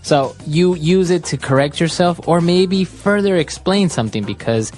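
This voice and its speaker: A woman's voice: on the low side, lively intonation, normal speed, a little mellow, soft background music. A woman hosting an English lesson podcast, explaining phrases steadily with frequent affirmations. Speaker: podcast host, English teacher.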